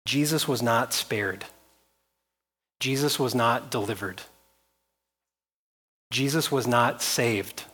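A man's voice: medium pitch, slow pace, long pauses, fairly bright tone, breathy edge. Man preaching with rising intensity. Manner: reads scripture aloud with rising intensity, repeats phrases. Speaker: pastor. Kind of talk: sermon.

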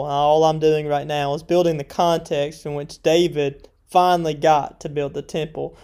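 A man's voice: a little high, dark tone. A man casually introducing a church podcast episode. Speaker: podcast host.

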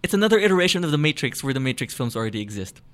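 A man's voice: medium pitch, sing-song, rapid-fire. A man co-hosting a casual podcast, eagerly explaining film theories at length with frequent restarts. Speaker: podcast co-host.

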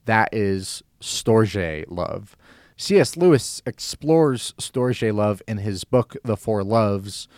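A young man hosts a radio show with a fairly low voice, working through a Bible teaching in an earnest, conversational way. His voice is recorded close and dry, with no room sound. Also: no echo. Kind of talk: Bible teaching monologue with a personal story.

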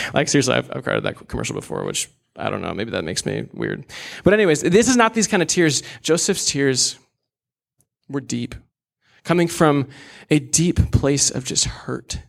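A man's voice: medium pitch, huge pitch swings, moderate pace, creaky. A young man preaching a sermon in an earnest, candid way, with casual asides.

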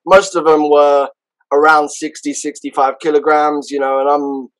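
A man with a London accent, a podcast guest and karate instructor, telling stories casually in an animated way, with frequent restarts. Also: fairly high pitch, normal speed, rough recording. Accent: London English. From London, England. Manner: animated, acts out others' voices, frequent restarts. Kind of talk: casual storytelling.

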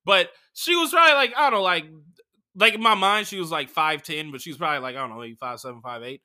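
Comedy podcast host, young man, very bright voice, slightly raised pitch, crude and animated delivery. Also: fast talker. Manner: crude, animated, full of fillers. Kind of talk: casual comedic storytelling.

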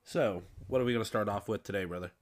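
A man's voice: lowish voice, quick pace. A man co-hosting a casual podcast, chatting in a laid-back, chummy way. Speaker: podcast co-host.

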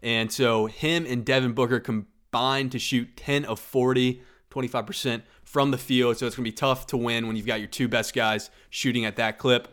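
A man's voice: mid-range voice, normal speed, hardly any pauses, smooth. Argumentative male sports podcaster. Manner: animated, argumentative, rhetorical questions. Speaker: podcast host. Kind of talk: opinionated sports podcast commentary.

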